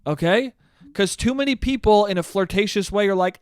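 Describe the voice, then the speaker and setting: Young male podcast host, high-pitched, swears a lot, rambles and mocks himself, dry close recording. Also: a little fast, clear, resonant tone, no echo. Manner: profane, rambling, self-mocking. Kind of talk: casual solo podcast chat.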